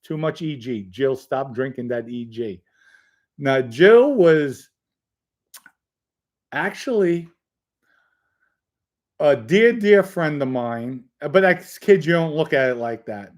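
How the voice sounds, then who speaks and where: A middle-aged man with a slightly high, darkish voice hosts a casual livestream, reading viewer comments aloud, joking with chatters, and rambling through anecdotes.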